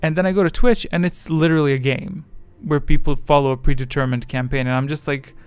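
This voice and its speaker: A man's voice: fairly high pitch, fairly even intonation, quick pace, smooth, no echo. A man chatting casually on his livestream, rambling and self-deprecating as his thoughts wander. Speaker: streamer.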